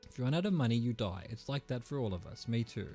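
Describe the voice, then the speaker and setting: A man's voice: medium pitch, expressive, quick pace, dark tone, soft background music, close to an everyday voice. A man voicing a grumpy middle-aged male hostel manager who talks curtly and sounds irritated. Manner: curt, irritated.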